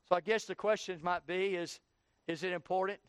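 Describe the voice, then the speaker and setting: A man pastor preaching a sermon in a church, building to heated rapid questioning and then easing down. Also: high-pitched, fairly even intonation, a bit bright, clean tone, dry recording.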